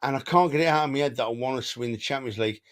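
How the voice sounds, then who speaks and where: A man's voice: medium pitch, very fast, a bit bright. A man co-hosting a football podcast, talking emotionally and animatedly, often repeating himself. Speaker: podcast co-host. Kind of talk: casual football chat.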